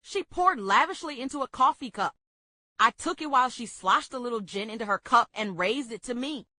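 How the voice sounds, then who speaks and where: Woman, steady memoir reading, bright tone, dry close sound, slightly high voice. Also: normal speed, no room sound. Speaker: book club reader.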